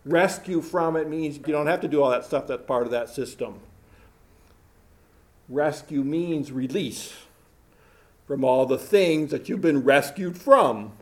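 A man's voice: a little high, measured pace. Emphatic male preacher, repeating his points. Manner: repetitive, emphatic. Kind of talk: sermon.

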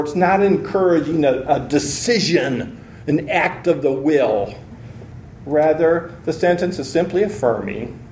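A man teaching a Bible lesson with a mellow, warm voice, explaining each point step by step. His earnest lecture rings through an echoey room. A faint hum of ambience sits underneath. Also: fairly high pitch. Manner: earnest, explains step by step and reads scripture aloud.

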